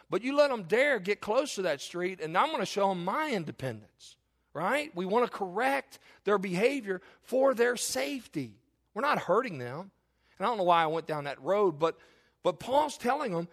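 A man's voice: sits high, lively intonation, moderate pace, a bit bright. A middle-aged man, a pastor preaching a sermon with fervour, calling out to his congregation with questions and appeals. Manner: impassioned preaching with rhetorical calls to the congregation.

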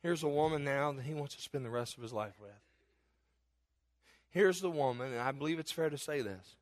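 A middle-aged man preaching a sermon as a pastor, telling jokes and stories in an animated way. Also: a little high, brisk. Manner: animated, joking storyteller. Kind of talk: humorous sermon.

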